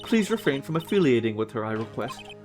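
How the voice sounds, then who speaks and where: A man's voice: mid-range voice, sing-song, fairly quick, over music, close to an everyday voice. A man voicing a stern, formal older woman spirit medium who speaks with exaggerated politeness, reading game dialogue on a stream. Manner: stiff, overly polite, formal.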